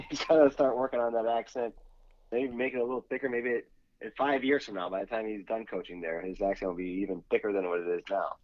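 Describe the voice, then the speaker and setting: A man's voice: on the low side, no room sound, highs cut off. A man co-hosting a casual sports podcast, laughing often as he tells his stories. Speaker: podcast co-host.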